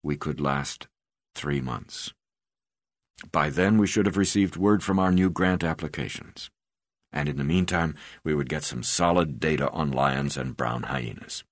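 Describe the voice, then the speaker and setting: Deep-voiced male audiobook narrator. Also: a little slow, no echo, clean studio sound.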